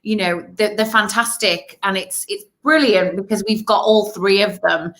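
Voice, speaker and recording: A woman with a mid-range, fairly bright voice co-hosts a casual online festival livestream at a moderate pace. She rambles enthusiastically, saying "you know" a lot.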